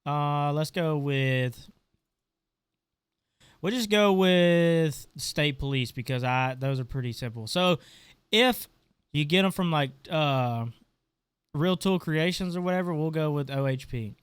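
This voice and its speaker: Man, gaming tutorial host, casual and offhand, stuffy nose, smooth clear voice, dry close sound. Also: fairly high pitch, a little slow, dry recording. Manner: offhand, talks while clicking through settings. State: stuffy, congested. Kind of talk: casual screen-recorded tutorial.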